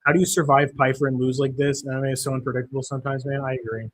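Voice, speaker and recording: A young man hosting a live stream, swearing constantly and venting his frustration over a lost bet. His voice sits at an ordinary middle pitch, and he answers chat comments in a casual, irritated way. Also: little pitch movement, rapid-fire. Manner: profane, frustrated ranting; reads chat comments aloud. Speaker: livestream host.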